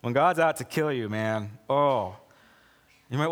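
A male pastor preaching a conversational sermon with sarcastic asides, acting out quoted lines in a lower, softer voice. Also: a little slow, long pauses, in a large hall.

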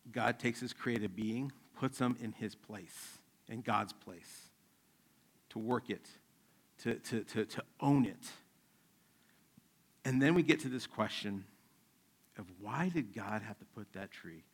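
A middle-aged man, a pastor, preaching a sermon in a relaxed, conversational way with stories from home. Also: fairly low pitch, slow, pauses often, slightly rough. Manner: conversational preaching, acts out his kids' voices.

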